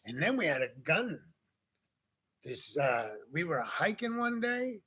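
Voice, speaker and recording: A man with a fairly high, bright, forceful voice that carries a husky grain. He is hosting a casual chat show and telling a rambling story, slipping into the voices of the people he quotes. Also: a little slow. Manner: animated anecdote-telling, acting out quoted people. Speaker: podcast host.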